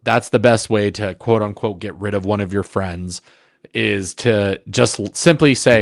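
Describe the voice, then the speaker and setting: A man co-hosting a sports podcast, talking in an animated, emphatic way in long runs. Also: fairly low pitch, unhurried, gravelly, no echo, clean studio sound. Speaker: podcast co-host. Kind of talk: casual sports podcast chat.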